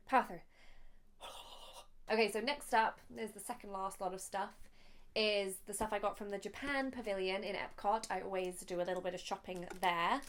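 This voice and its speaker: A woman's voice: medium pitch, normal speed. Chatty young woman vlogger. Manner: gushing, chatty, easily emotional. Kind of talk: casual haul vlog.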